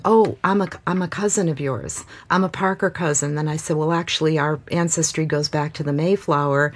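Chatty middle-aged woman guest, low voice. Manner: chatty and animated, with frequent restarts. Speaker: guest, descendant of a historical family. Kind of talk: casual interview chat.

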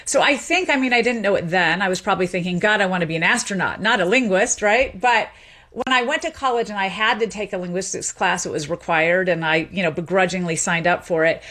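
A middle-aged woman from Memphis, a sociolinguist being interviewed, explaining in an animated way with small restarts. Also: on the low side, brisk. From Memphis, Tennessee. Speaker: sociolinguist and professor, guest.

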